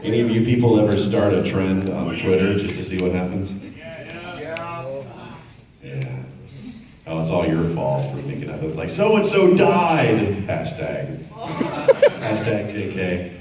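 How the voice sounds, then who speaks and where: A middle-aged man jokes his way through a convention panel, wandering off on tangents. His voice sits a little low but swings widely in pitch. It is caught from far away in a very echoey hall, with a crowd audible behind him. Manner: joking, rambling off on tangents. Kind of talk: casual convention panel talk. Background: audience laughter and crowd.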